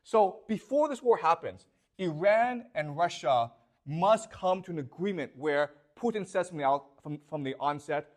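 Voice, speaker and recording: Lively lecturing male professor. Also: a little high, moderate pace. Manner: keeps checking in with the class, repetitive; emphatic, questioning. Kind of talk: classroom lecture.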